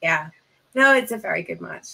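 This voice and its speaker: A woman's voice: fairly low pitch, animated, moderate pace, gravelly, pushed and bright, husky, poor audio. A woman, co-hosting a casual wrestling podcast in an easygoing way. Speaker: co-host.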